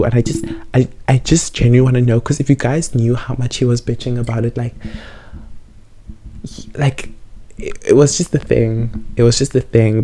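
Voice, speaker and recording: A man's voice: medium pitch, mellow. A young man in a casual storytime chat, a bit tipsy from wine, rambling and repeating himself as he tells the story. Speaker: vlogger.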